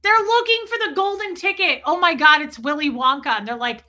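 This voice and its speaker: A middle-aged woman hosting a livestream, talking in a profane, animated way as she comments on online drama and acts out what people said. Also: high voice, fairly quick. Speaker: livestream host.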